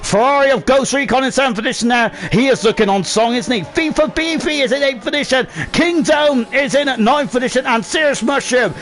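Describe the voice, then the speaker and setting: Excitable high-voiced race commentator. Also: male voice, a little fast, few pauses. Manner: excitable, shouts over laps then settles into chatty asides. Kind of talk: live sim racing commentary.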